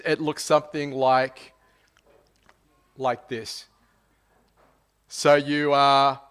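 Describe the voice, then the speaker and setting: Male preacher, slightly high-pitched, relaxed storytelling sermon full of fillers and tag questions. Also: smooth.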